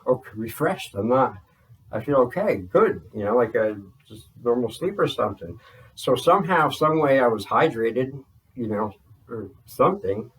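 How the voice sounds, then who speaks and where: A man's voice: medium pitch, distant mic, poor audio. Rambling, swearing man set back from the mic. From New Jersey. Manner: swears often, loose and rambling with fillers. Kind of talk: casual spoken account.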